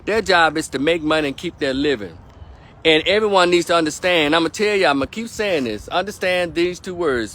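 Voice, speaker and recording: A man's voice: on the high side, a little fast, fairly bright tone. Man ranting hotly in an opinion vlog. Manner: heated, profane, emphatic, repeats points for stress. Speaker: political commentator.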